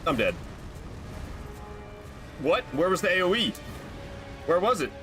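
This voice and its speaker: A man's voice: high-pitched, very animated, unhurried, sharp tone, soft background music. A man streaming a video game, chatting casually and drifting into profane rants between fights. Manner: rambling, swears freely, goes off on rants. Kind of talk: casual gameplay commentary.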